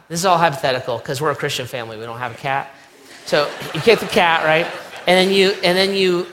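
Middle-aged male pastor, bright and slightly high voice, conversational sermon, long hall reverb. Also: a little fast. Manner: conversational, acts out quoted voices, repeats key lines.

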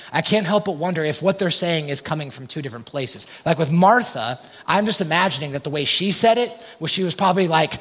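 A man's voice: fairly high pitch, a bit bright. A man preaching an impassioned sermon as pastor, often calling his listeners "you guys". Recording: long hall reverb.

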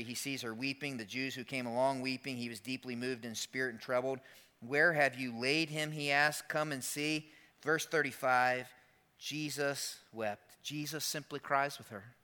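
A male pastor preaching an Easter sermon, dropping soft and low, then building loud and high.

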